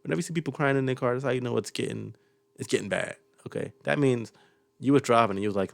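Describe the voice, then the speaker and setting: A man's voice: mid-range voice, fast, gravelly, no room sound. A young man hosting a reaction video, chatting casually and chuckling often as he jokes about what he watches. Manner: chuckles often, loose and joking.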